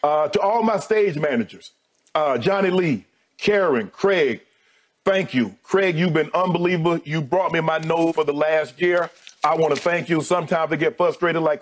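Speaking at a normal speed, a middle-aged man bids an emotional goodbye on the TV sports debate show he co-hosts. He thanks each colleague individually, and his voice drops low as he goes.

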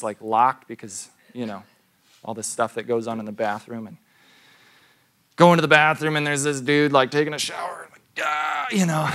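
A man's voice: mid-range voice, fairly bright tone, clean tone. Man preaching in a conversational way. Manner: conversational storytelling with rhetorical questions. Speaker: pastor. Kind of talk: sermon. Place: church.

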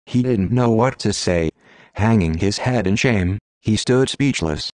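A man reading a storybook tale aloud in a steady, measured way, voicing the characters' quotes himself. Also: lowish voice, no room sound. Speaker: narrator.

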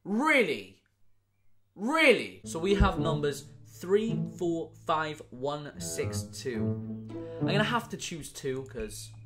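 A young Welsh man talks through a quiz in a loose, banter-filled vlog voice, cursing freely. His voice sits a little high and swings all over the place. Guitar music plays behind him. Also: slow. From Wales. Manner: swearing, banter-filled, animated. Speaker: YouTuber. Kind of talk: casual vlog commentary on an online quiz.

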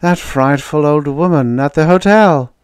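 A man voicing a slow, dreamy young assistant who speaks with a lisp in an audiobook story. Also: on the high side, clean tone, no echo, clean studio sound, voice pushed up, close to an everyday voice. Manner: lisping, dreamy.

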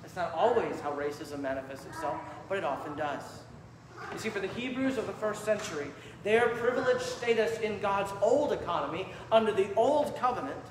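A man preaching a sermon from the pulpit with emphatic, measured delivery. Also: high voice. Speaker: pastor. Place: church sanctuary. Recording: echoey church hall with faint room noise.

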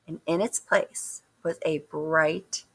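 A woman reading a children's picture book aloud, expressive and asking the listeners questions. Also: low voice, slow, husky. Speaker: storybook reader. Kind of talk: children's story read-aloud.

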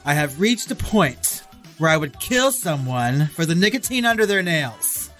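A man's voice: on the high side, big pitch swings, measured pace, a bit bright, soft background music. Playful man co-hosting a podcast. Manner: playful, laughs often. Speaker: podcast co-host. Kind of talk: casual chat.

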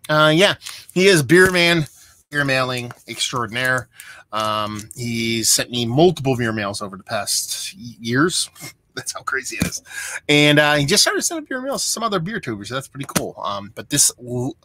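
A man's voice: mid-range voice, very animated, normal speed, bright, forceful tone, slight background noise. A young adult man telling a rambling, exasperated story in a casual vlog. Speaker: beer vlogger.

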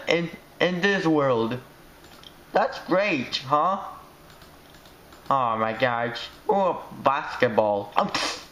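A man giving excitable, rambling commentary while he plays a game. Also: fairly high pitch.

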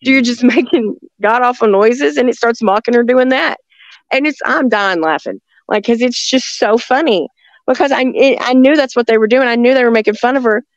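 This guest, a woman with a voice on the high side, speaks a little fast as she rambles through her encounters, often restarting sentences and laughing. The recording is dry, dull, and lo-fi.

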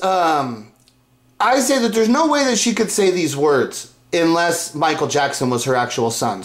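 Vlogger rambling on and on, repeats himself or herself a lot, pushy, mid pitch, echoey room. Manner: rambling, repetitive, insistent. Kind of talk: casual rambling monologue to camera.

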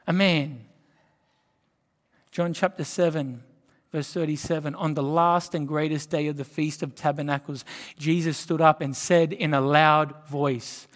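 A man preaching a sermon, emphatic, building to loud declarations. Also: a little high, fairly even intonation, unhurried. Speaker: pastor. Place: church hall. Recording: church hall with long reverb.

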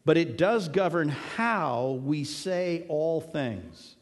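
A man's voice: on the high side, lively intonation, slow pace. Man preaching in an echoing church. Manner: earnest, conversational preaching with emphatic repetition. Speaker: pastor. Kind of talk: sermon. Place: church sanctuary. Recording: long hall reverb.

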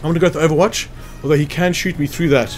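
A man's voice: fairly high pitch, fairly even intonation, very fast, faint music behind. A man casually commentating a strategy game walkthrough, chatty and thinking aloud as he checks hit chances. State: hiccuping after lunch. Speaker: gameplay commentator.

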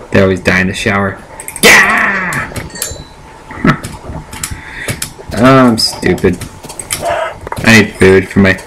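A man chatting casually to himself and his viewers as he plays a game, recorded on a built-in laptop microphone. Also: on the low side. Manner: chatty, rambling self-talk to viewers. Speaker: let's play gamer. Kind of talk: casual gameplay commentary. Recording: noisy lo-fi laptop mic recording.

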